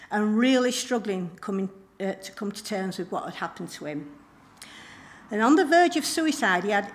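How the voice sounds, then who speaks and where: Woman, middle aged, chatty little church talk, lots of ums and uhs, mid pitch. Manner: homely, conversational storytelling with frequent hesitations. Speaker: church leader giving a message. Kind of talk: informal recorded sermon.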